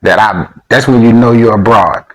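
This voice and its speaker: A man's voice: fairly low pitch, moderate pace, poor audio. A man from Alabama with a Southern accent, chatting casually on a video about life abroad. He tells stories in a laid-back, slangy way, full of chuckling asides. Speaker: vlog co-host. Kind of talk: casual chat.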